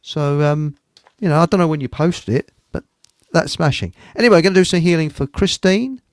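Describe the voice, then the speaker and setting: Jokey rambling man, higher voice. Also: fairly quick, dry recording. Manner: rambling and jokey, laughs at his own jokes, many fillers. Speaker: host of a live online show. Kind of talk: casual chat.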